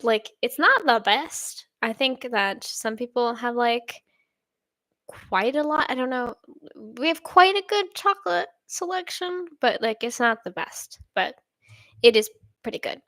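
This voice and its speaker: A bright-voiced young woman from Sweden in her twenties, pitched a little high, chatting casually as she reads viewer comments aloud. She rambles in an upbeat way and laughs often. The sound is dry and close. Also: animated, unhurried, no echo. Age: 20s. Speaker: channel host.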